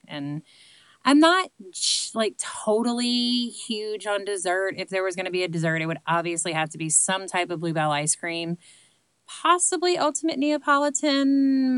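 A woman's voice: fairly low pitch, sharp tone, clean tone, no room sound, low-quality recording. A woman in her late thirties with a Southern accent, chatting casually to camera and answering questions in a rambling, self-deprecating way full of ums. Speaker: vlogger answering viewer questions. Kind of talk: casual chat.

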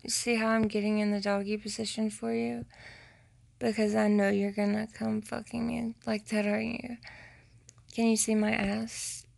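A woman recording an intimate voice message to her partner, talking in a slow, teasing way that slips into whispers. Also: little pitch movement, gravelly, a little mellow, no echo. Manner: slow, low-key and teasing, slipping into whispers.

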